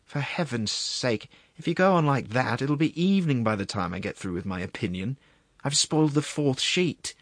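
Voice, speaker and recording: A man voicing a fretful presiding judge who complains loudly and tearfully. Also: medium pitch, animated, normal speed, dry recording, studio quality, voice pushed up. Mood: exasperated. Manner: loud, tearful, exasperated.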